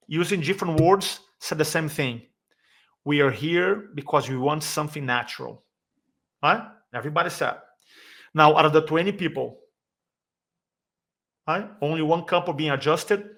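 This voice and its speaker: A podcast guest who works as a speaking coach near San Diego recounts an emotional personal story, his sharp voice on the high side. He moves at a moderate pace with long pauses, acts out quoted voices, and uses slightly non-native grammar.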